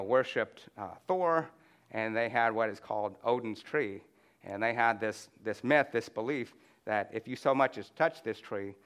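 A man's voice: fairly low pitch, a bit bright, clear, resonant tone. Man preaching with many fillers. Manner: conversational, many "you know" fillers and restarts. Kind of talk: sermon with slides.

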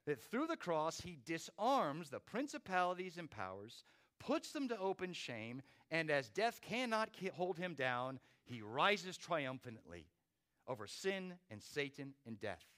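A man's voice: fairly high pitch, sing-song, unhurried, a bit bright. A man preaching a sermon with dramatic rises and drops in volume. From not from Australia. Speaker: pastor.

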